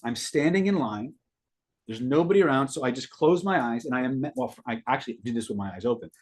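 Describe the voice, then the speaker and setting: Brisk and expressive, this man's medium-pitched voice has a slight roughness. Middle-aged and hosting a live stream, he responds to viewers while wandering through a personal story, often repeating his words.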